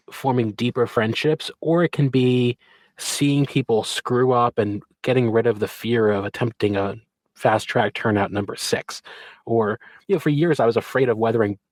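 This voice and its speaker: A man in a casual podcast talk, speaking in a thoughtful, reflective and measured way. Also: medium pitch, dry recording. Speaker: podcast co-participant, model railroader.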